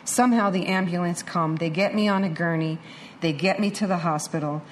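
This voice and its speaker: Woman, middle-aged, personal testimony, candid, animated, slightly low voice. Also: fairly quick, a little hiss or hum. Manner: candid, animated storytelling with acted-out quotes. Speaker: speaker sharing a recovery story.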